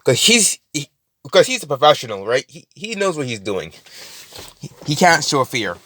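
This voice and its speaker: A man's voice: on the high side, very animated, normal speed, sharp tone, dry recording. A young man casually improvising a story, rambling and swearing, full of fillers and restarts.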